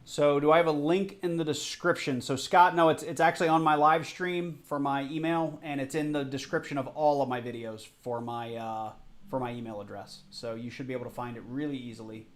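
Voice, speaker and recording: A man's voice: medium pitch, steady tone, fairly quick. A man hosting a casual live stream, chatty and a bit flustered, apologizing as he goes. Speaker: livestream host.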